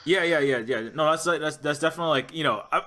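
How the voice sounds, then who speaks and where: A man's voice: fairly high pitch, fast, pushed and bright. A man hosting a podcast interview, rambling with many restarts and fillers. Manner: rambling, lots of "you know" and restarts. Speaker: podcast host. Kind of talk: casual interview chat.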